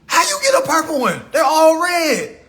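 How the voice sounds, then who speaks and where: A man doing a gossiping young woman, pitched way up and bursting with excitement. She squeals and shouts in disbelief, her voice ringing sharp and bright. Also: moderate pace, full character voice. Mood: excited squeal.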